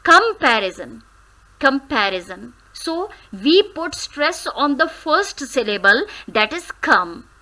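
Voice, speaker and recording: Slow, bright-voiced woman teaching grammar. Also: high-pitched, big pitch swings, rough recording. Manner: slow, careful syllable-by-syllable drilling; switches briefly into Hindi. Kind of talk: grammar lesson.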